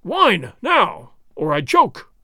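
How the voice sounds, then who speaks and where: Man playing a big hot-tempered sergeant, loud and blustering, lively pitch, dry sound. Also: normal speed, dry recording. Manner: blustering, stammering.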